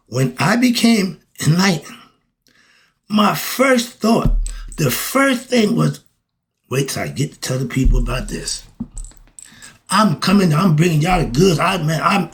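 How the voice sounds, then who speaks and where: An older man giving a preachy spiritual monologue to his viewers, firing rhetorical questions and swinging between loud exasperation and quiet asides. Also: fairly high pitch, very animated, measured pace, pauses often. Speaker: self-styled spiritual teacher.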